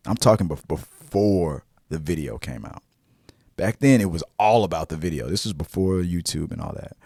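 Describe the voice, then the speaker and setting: A man with a fairly low voice, hosting a movie show in casual, heated chat. He drops to hushed asides, then jumps to loud outbursts, stumbling over repeated words as he goes. The sound is dry and close. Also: vocal fry, no echo. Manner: animated, swings from hushed asides to loud exclamations; frequent restarts and repeated words. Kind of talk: casual opinion talk.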